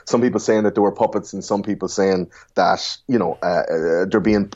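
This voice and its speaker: Irish man, low voice, rambling casual podcast talk, dull lo-fi recording. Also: steady tone, moderate pace, darkish tone. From Ireland. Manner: loose, rambling, laughs often. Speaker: podcast co-host. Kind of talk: casual chat.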